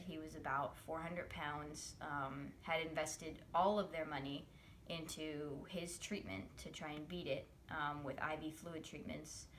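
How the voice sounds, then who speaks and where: A young woman with a bright, forceful voice and a somewhat low pitch speaks straight to the camera. She talks in a chatty, earnest way, often pausing on fillers, and faint ambient noise sits behind her. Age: young adult. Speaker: college student telling a friend's story. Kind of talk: direct-to-camera video message.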